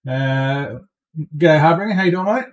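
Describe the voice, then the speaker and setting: Animated and on the high side, an adult man's voice moves at normal speed as he plays a space game on stream. He chats casually and jokes around, often closing remarks with a questioning "eh?".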